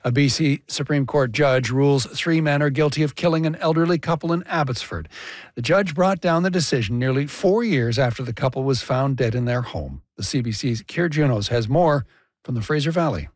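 A man's voice: mid-range voice, brisk, no echo. Male news anchor, dry studio sound. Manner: steady scripted delivery. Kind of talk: broadcast news reading.

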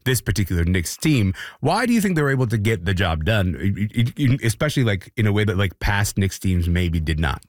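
A man's voice: on the low side, sing-song, brisk, few pauses, no echo. A man hosting a talk show in a casual, chatty way, with plenty of filler words. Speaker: radio show host.

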